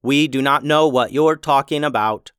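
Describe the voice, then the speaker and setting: A man voicing a curt pizza-making robot that talks in a flat, dismissive way. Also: mid-range voice, moderate pace, smooth, no echo, studio quality, lightly acted.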